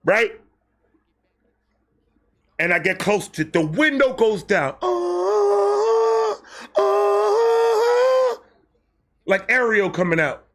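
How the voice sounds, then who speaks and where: Young man, high-pitched voice, casual storytelling, animated, slangy, swearing. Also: a little slow, pauses often. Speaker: storyteller host.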